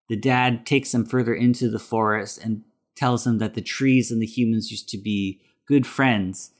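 Man, podcast host, casual plot recap, rambling, mid pitch. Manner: rambling, many fillers and restarts.

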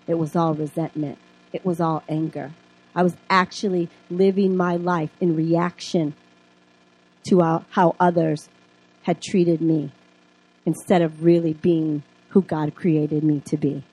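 A middle-aged woman teaching the Bible, telling her own story in a lively way and acting out the dialogue. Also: sits low, unhurried, husky. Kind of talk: teaching with personal testimony. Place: classroom.

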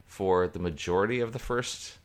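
A man co-hosting a casual podcast chat, rambling and animated, trailing off mid-sentence. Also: deep voice, normal speed. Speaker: podcast co-host.

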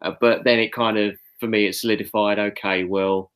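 A man's voice: fairly low pitch, steady tone, brisk, fairly bright tone, clean tone. A man co-hosting a casual chat, easygoing and appreciative. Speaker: podcast co-host.

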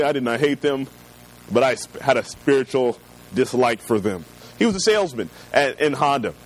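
A man preaching in a relaxed, conversational way. He reads scripture slowly and deliberately, then slips into easygoing personal storytelling. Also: fairly high pitch, poor audio. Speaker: pastor. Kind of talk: sermon with personal stories.

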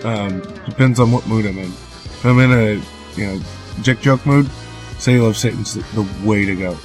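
Male podcast host, rambling, swears casually, lowish voice, faint music behind. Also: normal speed.

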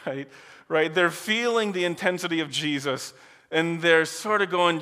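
A man preaching a sermon in a relaxed, conversational way, often laughing and asking the room "right?". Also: on the high side, unhurried, big-room sound.

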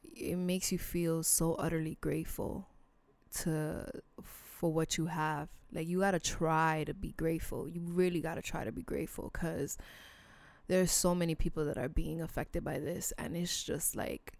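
A woman's voice: low-pitched, steady tone, normal speed, vocal fry, a little mellow, dry recording. A woman hosting a solo podcast, talking bluntly and earnestly to her listeners, casual and emotional, with some swearing. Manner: emotional, sincere appeals to listeners. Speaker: podcast host. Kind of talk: heartfelt solo podcast talk.

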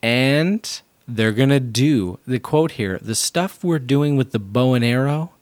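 A man hosting a casual podcast, joking and hyping things up with drawn-out swearing. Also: mid-range voice, animated, no echo. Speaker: podcast host.

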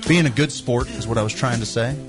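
A man's voice: medium pitch, quick pace, over music. A man co-hosting a talk show in playful banter, giving mock-formal thanks. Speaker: co-host. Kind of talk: casual banter.

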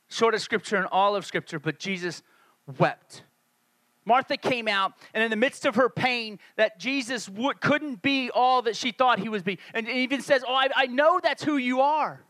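A man's voice: very high voice, sharp tone, no echo. A male pastor preaching a conversational sermon, acting out the voices of the people he quotes.

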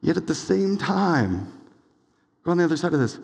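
A young adult man preaching a sermon as pastor, casual and animated, full of "like"s and quick asides. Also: a little high, gravelly, breathy edge. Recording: long hall reverb.

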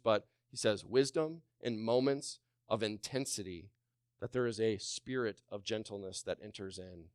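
A man preaching a sermon as a pastor, calling on the congregation to respond and dropping to a hushed voice when quoting gentle words. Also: mid-range voice, clear, resonant tone, no room sound, studio quality.

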